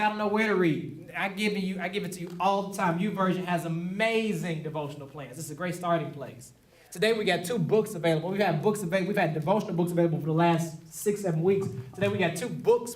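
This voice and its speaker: A male pastor preaches in a loose, conversational way, slipping into quotes and chuckling as he talks. His voice sits high for a man. He is recorded in a church that rings with echo, some distance from the mic. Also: fast. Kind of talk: sermon. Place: church sanctuary. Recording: echoey room, mic at a distance.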